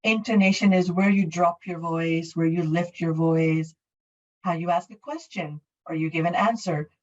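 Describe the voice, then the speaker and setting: A woman's voice: fairly low pitch, normal speed, far from the mic, muffled recording. A middle-aged woman from Canada teaching an English class online, explaining in a friendly way with many fillers and restarts. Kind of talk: online class, answering questions.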